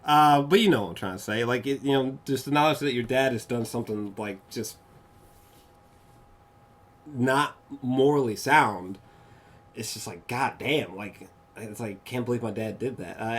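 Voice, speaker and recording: Male movie reviewer, mid-pitched, casual and rambling, swears a lot, excitable. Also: a little hiss or hum. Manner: rambling and profane, heavy with fillers; excitable, gushing bursts of enthusiasm. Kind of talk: casual spoken film review.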